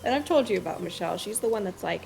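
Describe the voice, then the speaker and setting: A woman streaming a game, chatting casually and telling an animated story while acting out what others said. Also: medium pitch, rapid-fire, creaky, slight background noise. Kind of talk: casual chat while gaming.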